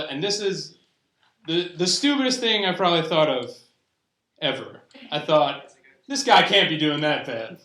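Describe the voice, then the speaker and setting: Young man doing stand-up, bright roomy sound. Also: on the high side. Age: young adult. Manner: rambling, self-interrupting delivery with restarts. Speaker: stand-up comedian. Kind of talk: stand-up comedy set. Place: live comedy show in a room with an audience. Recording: roomy live recording with faint noise. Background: audience laughter.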